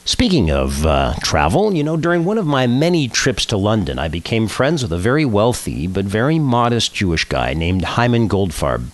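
A man who is a rabbi hosts a radio show, chatting, telling a joke and reading poetry aloud in a lively storyteller's way. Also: lowish voice, moderate pace, hardly any pauses.

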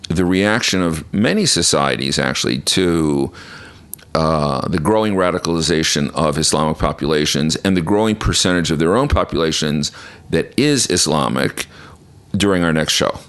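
A man speaking as a guest commentator on a radio show, in a measured way. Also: low voice, fairly bright tone, smooth.

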